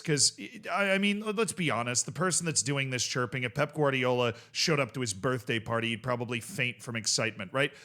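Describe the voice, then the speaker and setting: A young man hosting a casual video reaction show, talking in an animated, rambling way with swearing and bursts of laughter. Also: medium pitch. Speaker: host.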